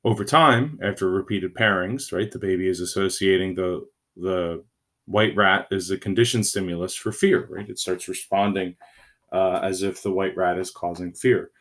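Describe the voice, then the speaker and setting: A man teaching a recorded lecture to his students, halting and full of fillers, often checking in with "right?". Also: sits low, fairly even intonation, a bit bright. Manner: halting, many fillers and restarts.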